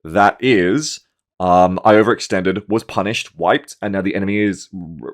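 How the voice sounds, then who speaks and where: Guy in his 30s talking thru a match replay, kinda low voice, animated, swears a lot and acts out panicking. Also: moderate pace. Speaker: gaming commentator. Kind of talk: casual match review commentary.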